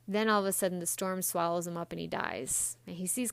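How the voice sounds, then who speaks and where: A woman's voice: fairly low pitch, moderate pace, vocal fry, clean tone, no room sound. A woman hosting a self-help podcast in a blunt, chatty monologue, swearing casually and acting out quoted voices. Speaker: podcast host.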